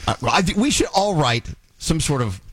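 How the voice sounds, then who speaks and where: A man hosting a radio show, joking and laughing through quick banter. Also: fairly high pitch, a little hiss or hum. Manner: jokey, animated, quick to laugh.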